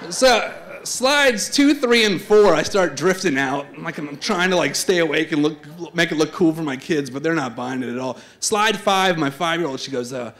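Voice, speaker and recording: A man telling a comic true story live on stage, chatty and animated, slipping into voices. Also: a little high, normal speed, few pauses. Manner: animated, conversational, swings into voices. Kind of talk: live comedic personal storytelling. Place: theater stage before a live audience.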